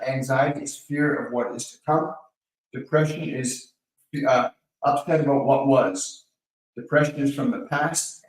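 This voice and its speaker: A man hosting a live question-and-answer stream, calmly coaching viewers by name and guiding them through slow breathing. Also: a little high, far from the mic. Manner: calm, coaching, speaks directly to viewers by name. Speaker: host of a live Q&A. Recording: very echoey room, voice off-mic.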